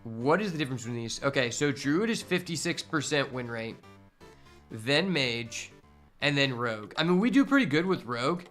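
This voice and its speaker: A man streaming a card game, talking casually and excitedly to his chat and swearing often. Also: mid-range voice, moderate pace, soft background music. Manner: profane, excitable, talks to chat. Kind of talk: casual live-stream commentary while playing.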